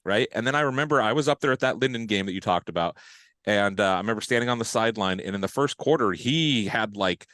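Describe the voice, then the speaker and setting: A man hosting a sports podcast, telling stories in a lively, casual way with bits of slang. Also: fairly low pitch, fast, no echo. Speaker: podcast host.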